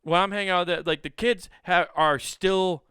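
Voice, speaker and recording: A man's voice: high-pitched, steady tone, normal speed, bright, forceful tone, smooth, dry recording, studio quality. A man in his thirties from the US Midwest, hosting a podcast and telling a comedic story, self-mocking and swearing freely. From Sioux City, US Midwest.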